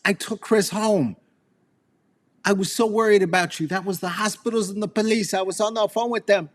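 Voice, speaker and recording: A man's voice: high-pitched, steady tone, moderate pace, voice pushed up, lightly acted. A man voicing a worried, furious middle-aged mother who scolds her son sharply, then tenderly.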